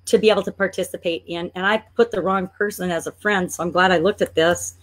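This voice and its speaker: A woman who coaches online business chats and thinks aloud while clicking through a screen-share tutorial, playfully exasperated with her slow computer. Her voice is fairly low, with fairly even intonation.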